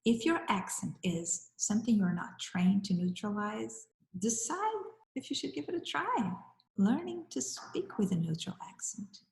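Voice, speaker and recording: A woman giving an acting lesson in a measured, encouraging way, talking straight to the listener. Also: medium pitch, animated, vocal fry, a little mellow, reverberant, poor audio. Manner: measured, encouraging, direct address. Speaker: acting teacher. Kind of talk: instructional talk to camera.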